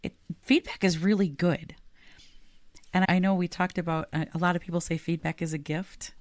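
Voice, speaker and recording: A woman's voice: fairly low pitch, fairly even intonation, moderate pace, dry recording. A woman podcast co-host and leadership coach, talking casually and earnestly and laughing easily.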